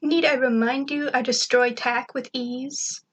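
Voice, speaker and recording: A feisty young she-wolf who talks in short, broken sentences, as a woman puts her on. She is pitched up high and a little soft, in a homemade story reading. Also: steady tone, a little slow. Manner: broken grammar, simple clipped speech. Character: young female wolf creature, devoted and feisty.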